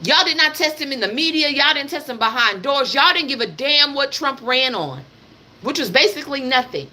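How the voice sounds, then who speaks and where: High bright-voiced woman ranting live. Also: expressive, moderate pace. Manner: blunt, emphatic, repetitive, swears freely; addresses her audience directly. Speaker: livestream host. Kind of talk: live political commentary rant.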